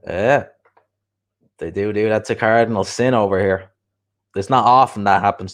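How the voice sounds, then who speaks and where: A man's voice: lowish voice, moderate pace, pauses often. A man chatting casually as a boxing show host, opinionated and repeating his points for emphasis. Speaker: boxing show host reading viewer comments. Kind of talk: casual livestream chat.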